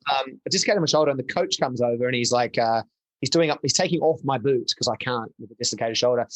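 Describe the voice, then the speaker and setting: A man's voice: medium pitch, fast talker, a bit bright, no echo. A man as a podcast guest, telling stories in a chatty, rambling, self-deprecating way with frequent laughs. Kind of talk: casual storytelling chat.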